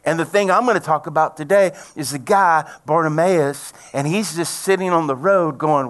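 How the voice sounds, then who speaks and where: A middle-aged man preaching a sermon, telling a personal story in a folksy way and building to loud, excited preaching. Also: a little high, normal speed, hardly any pauses. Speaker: pastor.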